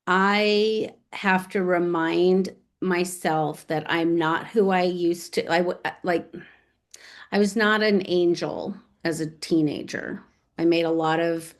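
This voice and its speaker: A middle-aged American woman with a lowish voice, talking as a guest in a relaxed interview. She tells her stories with lots of energy and acts out the back-and-forth of old conversations. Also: vocal fry. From United States. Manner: animated, acts out remembered dialogue. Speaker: guest author and real estate agent. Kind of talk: casual interview storytelling.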